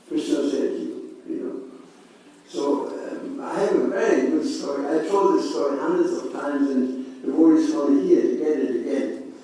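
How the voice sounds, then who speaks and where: An older man preaches in a lively storytelling way, his mellow voice sitting a little high. The sound is heavily echoey and distant, picked up far from the mic in a temple hall with faint room noise. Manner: animated storytelling, laughs, acts out voices. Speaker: spiritual teacher. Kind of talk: storytelling sermon. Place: temple hall, South Africa.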